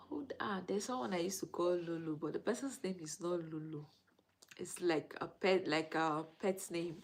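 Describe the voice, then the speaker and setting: A woman's voice: on the low side, moderate pace, rough recording. A Nigerian woman, a mother in her thirties, chatting casually on a live stream, greeting viewers and laughing often.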